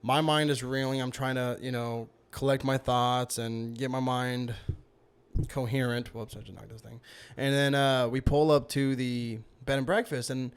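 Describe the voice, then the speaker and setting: A man who is a podcast guest, telling animated, casual stories, acting out other people's lines and laughing often. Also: medium pitch, normal speed, clear, resonant tone. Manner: animated, acts out family members' lines. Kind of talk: casual storytelling.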